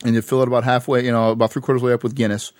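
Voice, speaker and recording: A man hosting a casual podcast chat, relaxed and quick to laugh. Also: medium pitch, no room sound, clean studio sound. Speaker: podcast host.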